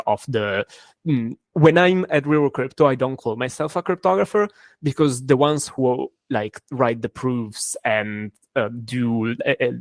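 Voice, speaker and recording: A man speaking as a guest in an interview, answering thoughtfully with frequent pauses and restarts. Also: mid-range voice, no echo. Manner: thoughtful, hesitant with many fillers and restarts. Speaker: cryptography engineer and guest.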